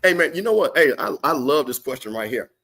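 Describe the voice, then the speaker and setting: A mid-range, slightly bright voice with lively intonation comes from a man talking a little fast. Hosting a live sports watch party stream, he reads viewer comments and commentates in a loose, slangy way.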